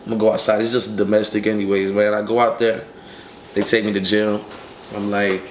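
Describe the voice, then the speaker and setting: A man's voice: lowish voice, steady tone. A young man in his early twenties, an interview guest who tells his story in casual street slang, cursing often and filling it with "you know what I'm saying.". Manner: streetwise, profane, rapid storytelling with many fillers. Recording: echoey room with faint ambient noise.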